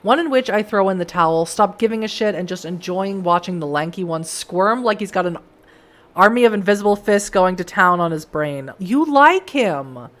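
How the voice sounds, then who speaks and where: A hoarse woman streamer reading a story game aloud, animated and playful. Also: on the low side, brisk. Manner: animated, laughs between lines.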